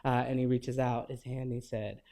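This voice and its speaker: A man in his forties giving a lecture, telling personal anecdotes in a relaxed, conversational way with gentle humor. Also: medium pitch, moderate pace. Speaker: guest lecturer.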